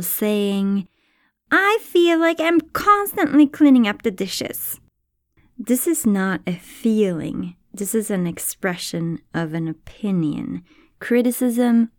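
Calm, slow-talking woman podcast host. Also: mid-range voice, dry recording, studio quality. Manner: calm, thoughtful, teacherly. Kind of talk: explanatory podcast talk.

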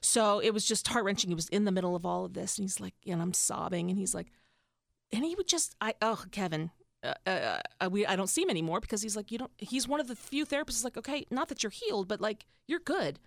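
Gravelly-voiced woman in her fifties. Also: medium pitch, expressive, fast, dry recording, clean studio sound. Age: 50s. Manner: emotional, rambling, frequent fillers and restarts. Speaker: podcast guest. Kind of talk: casual candid storytelling.

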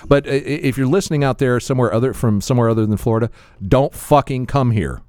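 A man's voice: mid-range voice, a little mellow, smooth, dry recording. A man co-hosting a podcast in casual chat, teasing and joking with his partner. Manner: joking, teasing, quick to laugh along. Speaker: podcast co-host.

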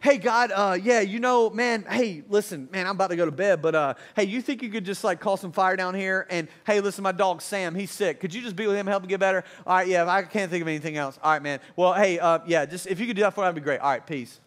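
A man's voice: sits high, quick pace, few pauses, a bit bright. A preacher doing a lazy, offhand man at prayer. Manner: offhand, rambling, slangy.

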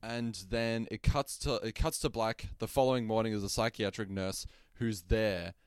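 A man on a podcast, joking his way through a film recap. His voice is smooth and resonant, the sound is close and dry, and he drops into silly voices for the characters. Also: on the low side, moderate pace, no room sound. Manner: jokey, animated storytelling with silly put-on voices. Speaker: podcast co-host. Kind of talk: casual chat recapping a film.

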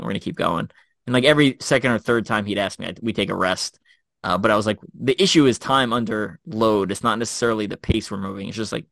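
A middle-aged man recalls his training days in a relaxed podcast conversation. His voice sits fairly low and sounds close and dry. He tells stories animatedly, with frequent fillers and self-corrections. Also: creaky, no room sound. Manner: animated storyteller, many fillers and restarts. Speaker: former Special Forces officer, guest co-host. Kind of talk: casual podcast chat, storytelling.

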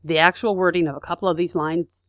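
A woman's voice: on the low side, fairly even intonation, quick pace, no room sound, studio quality. Chatty woman telling history. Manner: chatty, with fillers and asides. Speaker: podcast co-host. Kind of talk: casual history storytelling.

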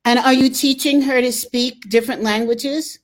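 A woman's voice: sits high, steady tone, moderate pace. A woman hosting an interview, enthusiastic and encouraging toward her guest. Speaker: host. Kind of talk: conversational interview.

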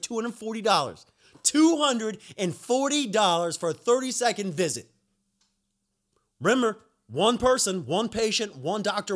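A man's voice: a little high, fairly bright tone. A young man hosting a podcast, delivering a heated, profane rant and repeating himself when angry. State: recovering from being sick. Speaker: podcast host. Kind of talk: angry ranting monologue.

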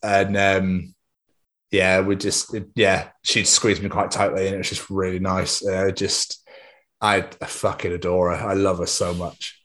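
A young man telling stories on a podcast with a lowish voice. He chats casually and excitedly, swearing freely as he goes. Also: a little slow. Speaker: podcast co-host. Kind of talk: casual chat.

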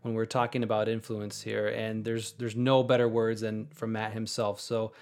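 Podcast host introducing a clip. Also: male voice, fairly low pitch, little pitch movement, moderate pace, darkish tone, clear, resonant tone. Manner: hesitant, with fillers and restarts. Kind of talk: casual podcast talk.

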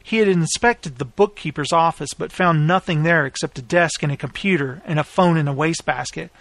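A man reading his own story aloud as its narrator, in a steady, plain storytelling manner. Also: a little high, brisk, vocal fry, no room sound. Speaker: author and narrator. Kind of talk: scripted audiobook narration.

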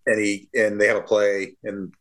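A man's voice: fairly low pitch, flat delivery, normal speed, a bit bright. A man, a baseball umpire, chatting as a podcast guest in an easygoing way, often trailing off mid-sentence. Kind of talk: casual chat.

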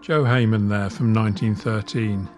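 A man presenting archive records in a calm, informative way. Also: lowish voice, normal speed, faint music behind. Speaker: radio presenter.

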